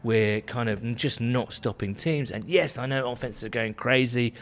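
A man's voice: medium pitch, moderate pace. A man hosting a casual podcast chat, reading out listener tweets with wry asides. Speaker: podcast host.

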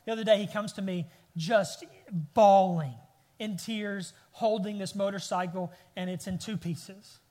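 A man's voice: sits high, steady tone, a little slow, dark tone. Preaching man in a reverberant hall. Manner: preaching with rising bursts of emphasis and storytelling asides. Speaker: pastor. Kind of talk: sermon.

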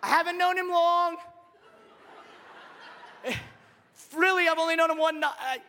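A man playing a young engaged woman who haltingly confesses big news to her fiancé, with a sheepish manner, in a reverberant hall. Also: very high-pitched, bright, forceful tone, a faint crowd, voice pushed up, heavily acted.

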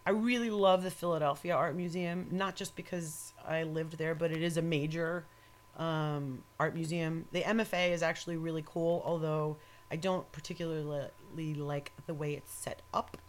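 A woman with a lowish voice talks in a loose, rambling way. She is opinionated and curses freely. Laughter often breaks into her speech. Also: steady tone, normal speed. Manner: laughs often while talking. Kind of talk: casual chat.

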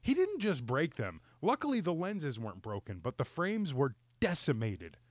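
A middle-aged man telling a story in casual podcast chat, exasperated and animated, laughing and apologizing for swearing. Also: fairly high pitch, normal speed, no room sound.

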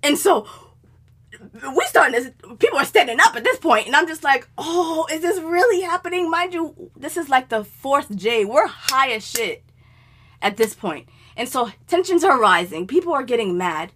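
A woman co-hosting a podcast, telling a profane story in casual chat and getting more animated and loud. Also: sits high, normal speed, breathy edge. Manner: animated, profane, rising to shouting as she relives anger.

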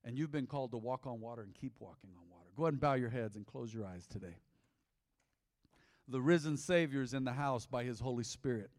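A man preaching as a pastor, emphatic, repeating lines and swinging between loud and soft. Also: medium pitch, fairly quick. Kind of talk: sermon. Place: large church hall. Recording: long hall reverb.

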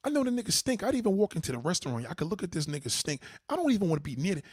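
A man hosting a livestream, delivering a profane, heated rant at his chat and swinging from low mutters to high outbursts. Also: very animated, very fast, hardly any pauses, breathy edge, no echo, studio quality. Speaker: livestream host. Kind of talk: ranting monologue to a live chat.

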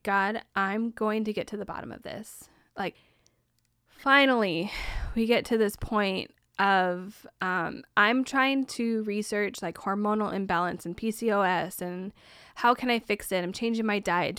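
A woman's voice: mid-range voice, fairly bright tone, clear, resonant tone, dry recording, studio quality. Candid young woman podcast host. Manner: casual, candid, says "like" often. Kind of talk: personal storytelling.

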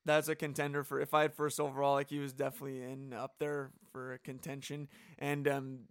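A man's voice: medium pitch, completely flat delivery, a little fast, a little hiss or hum. A man casually chatting on a podcast, talkative and enthusiastic, full of "like" fillers. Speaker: podcast co-host drafting movie characters.

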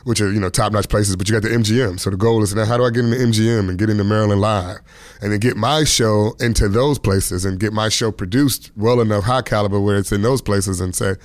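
A man's voice: fairly low pitch, steady tone, fast, dry recording. A comedian in his thirties or forties from the Washington, D.C. area, telling stories in a loose, laid-back way with frequent chuckles. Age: 30s to 40s. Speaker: stand-up comedian guest. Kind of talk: casual interview storytelling.

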